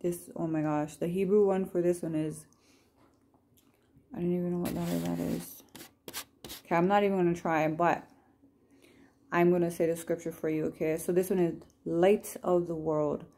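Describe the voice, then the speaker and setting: A woman chatting gently through scripture cards at home, reading verses and prayers aloud and apologizing with a laugh. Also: on the low side, flat delivery, normal speed, pauses often. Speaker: Christian vlogger sharing scripture cards. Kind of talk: casual devotional chat with read-aloud scripture and prayers.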